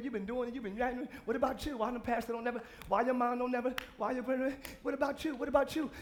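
A man preaching a sermon as a pastor in a church, often shouting out to the congregation. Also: very high-pitched. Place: church sanctuary during a live service.

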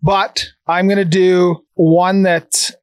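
Higher-voiced man, casual chat. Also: little pitch movement, slow, smooth, no echo. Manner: rambling, with restarts and laughs. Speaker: podcast co-host.

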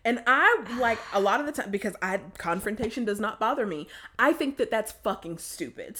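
A woman's voice: mid-range voice, normal speed, few pauses. A woman, chatting casually and telling an exasperated story, often acting out quotes.

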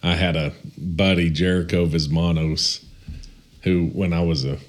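A man co-hosting a casual podcast, talking in a relaxed, drawling way. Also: low voice, unhurried. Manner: relaxed, drawling, laughs easily. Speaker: podcast co-host.

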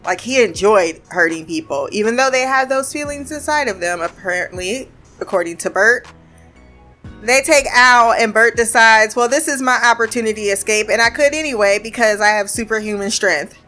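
Chatty high-voiced woman recapping a show. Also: bright, forceful tone, faint music behind. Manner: chatty, laughing, quoting characters in quick bits. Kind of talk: casual episode recap.

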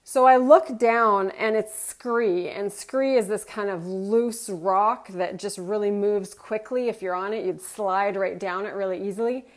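A woman's voice: mid-range voice, a little slow, few pauses. A middle-aged woman, a motivational speaker, telling a personal story and acting out her own thoughts. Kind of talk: personal story told to an audience.

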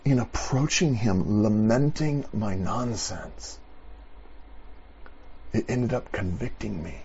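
A man's voice: on the low side, a little mellow, slight background noise. A man preaching a sermon as a pastor, speaking passionately with repeated rhetorical questions and personal confession. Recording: muffled lo-fi recording.

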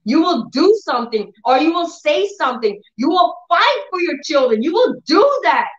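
A woman preaching a faith-healing sermon, telling stories with animated acted-out dialogue. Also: high-pitched, moderate pace, echoey room, muffled recording. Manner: animated storytelling, acts out dialogue in changed voices.

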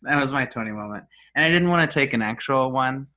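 A young woman co-host with a strikingly deep, low voice. She recounts things in a dry, deliberate manner, unhurried and wry. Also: expressive, sharp tone. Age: young adult. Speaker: podcast co-host. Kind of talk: casual chat.

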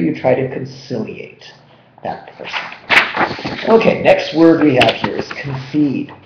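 A man hosting a vocabulary lesson, explaining words in an animated, jokey way. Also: fairly high pitch, slight background noise. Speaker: vocabulary teacher. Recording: roomy, dull lo-fi sound.

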